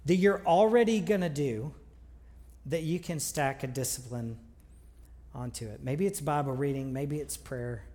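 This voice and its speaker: A man's voice: medium pitch, unhurried, a little mellow. A man preaching a sermon in a conversational, earnest way, with frequent restarts. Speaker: pastor. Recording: long reverb of a large hall.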